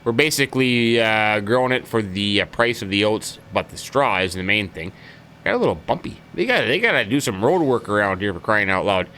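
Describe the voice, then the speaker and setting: Folksy, lively-voiced man rambling over gameplay. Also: fairly low pitch, fairly quick, a little hiss or hum, poor audio. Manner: folksy, rambling, repeats stock phrases. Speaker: gaming channel host. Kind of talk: casual let's-play commentary.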